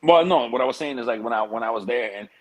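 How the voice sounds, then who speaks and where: Husky fast-talking New man. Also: mid-range voice, low-quality recording. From United States. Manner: streetwise slang, drawn-out tangents. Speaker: interview guest. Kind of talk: casual storytelling interview.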